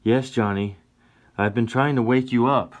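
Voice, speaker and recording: A man's voice: mid-range voice, steady tone, normal speed, voice pushed up, lightly acted. A man voicing an earnest frontier woman. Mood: urgent. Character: young pregnant frontier woman, earnest, steady.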